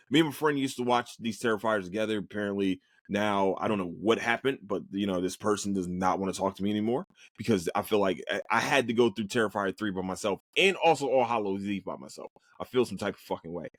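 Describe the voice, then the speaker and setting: A man's voice: medium pitch, a bit bright, dry recording, clean studio sound. A young man hosting his own podcast, ranting in a casual, profane, heated way, his voice leaping up when angry and stammering over restarts. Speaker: podcast host. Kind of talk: casual solo podcast rant.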